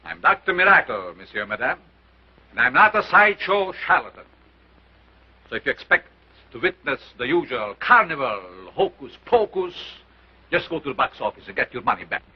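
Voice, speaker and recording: An actor playing a sinister, pompous mad scientist who lectures a carnival crowd in theatrical 1930s film style. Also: male voice, medium pitch, very animated, moderate pace, slightly rough. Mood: grandiose. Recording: dull 1930s film soundtrack.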